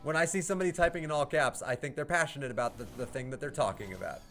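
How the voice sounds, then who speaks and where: Male streamer, casual and profane, talking over quiet game music. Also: a little high, very fast. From United States. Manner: profane, heated ranting with laughs. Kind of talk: casual live-stream chat.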